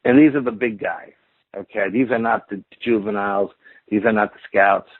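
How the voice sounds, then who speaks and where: A man's voice: fairly low pitch, fairly even intonation, normal speed, dry recording. A man, a guest on an interview, telling a long encounter story in a rambling, casual way with repetitive build-ups. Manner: rambling, repetitive build-up with stacked "and then you hear" phrases. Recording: tinny phone line.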